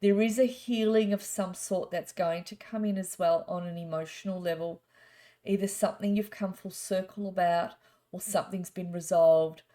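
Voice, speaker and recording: A middle-aged woman, a psychic telling chatty, rambling stories and doing a gently spiritual card reading. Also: fairly low pitch, steady tone, normal speed. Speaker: psychic reader. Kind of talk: casual storytelling and card reading.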